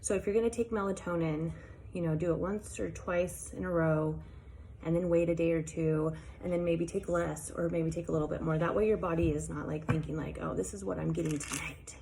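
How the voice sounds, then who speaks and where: Gravelly-voiced woman chatting casually. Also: fairly low pitch, fairly even intonation, fairly quick, warm tone, slight background noise. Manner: chatty, with many ums and likes. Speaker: vlogger. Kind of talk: casual chat.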